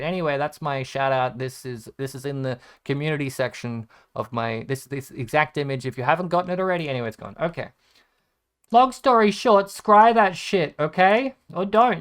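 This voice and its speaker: A man talks over his gameplay in a loose, rambling way, peppering it with swearing and dry sarcasm aimed at himself. His voice is smooth and resonant, sitting at an ordinary male pitch. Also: fairly bright tone. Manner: rambling, profane, sarcastically self-deprecating. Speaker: gaming content creator. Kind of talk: casual gameplay commentary.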